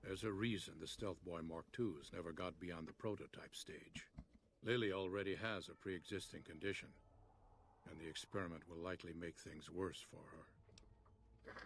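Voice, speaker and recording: A clinical, matter-of-fact male scientist speaks in measured video game dialogue. His voice sits very low. Faint noise lies behind it. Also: fairly even intonation, vocal fry. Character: calm, precise male scientist. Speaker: game character, doctor.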